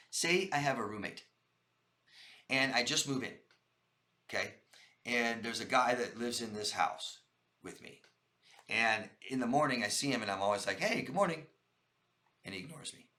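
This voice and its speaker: This man's voice is fairly low, his pace moderate with long pauses, and his tone bright and forceful, echoing around the room. Speaking to the camera, he offers life-coaching advice emphatically, calls his audience "guys," and keeps circling back to the same points.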